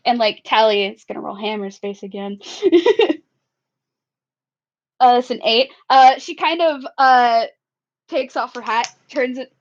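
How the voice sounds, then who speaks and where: A woman's voice: on the high side, measured pace. A woman narrating her character in a casual tabletop roleplay, giggly and rambling. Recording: dull lo-fi recording.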